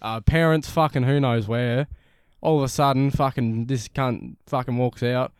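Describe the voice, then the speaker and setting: A man's voice: medium pitch, steady tone, normal speed, smooth, no room sound, studio quality. A young man with an Australian accent, telling a story in casual chat and swearing heavily.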